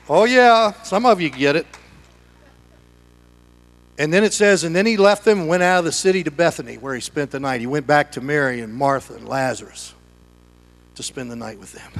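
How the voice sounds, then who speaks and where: A middle-aged male pastor with a high voice preaches in his church sanctuary. He swings from hushed, conversational asides to loud, excited shouting as he urges the congregation on. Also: moderate pace, pauses often. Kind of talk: sermon.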